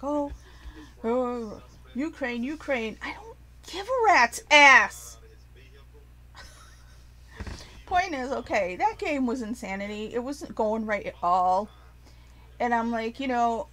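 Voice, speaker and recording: A woman ranting casually to her viewers, animated and profane, rambling with frequent restarts. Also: fairly high pitch, creaky, rough recording. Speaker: vlogger. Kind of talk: casual rant to camera.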